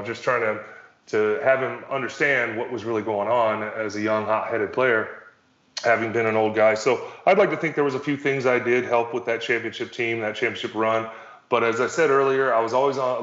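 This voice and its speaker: A man's voice: mid-range voice, fairly bright tone. A middle-aged man, a former pro athlete, chatting casually on a podcast. He rambles, corrects himself and drops wry jokes as he tells a long story. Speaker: former pro basketball player as guest. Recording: roomy, slightly dull sound.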